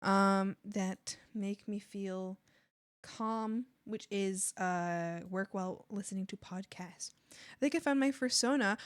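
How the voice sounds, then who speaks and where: A woman's voice: mid-range voice, unhurried, dry recording. A young adult woman streaming while she draws, chatting casually and gushing, sometimes squealing or whispering. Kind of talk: casual chat while drawing.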